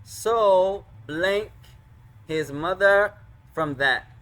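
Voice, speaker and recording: A man teaching an online class, patient and slow, pausing often and correcting students. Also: high-pitched, fairly bright tone. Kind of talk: online Arabic and hadith class. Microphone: computer microphone.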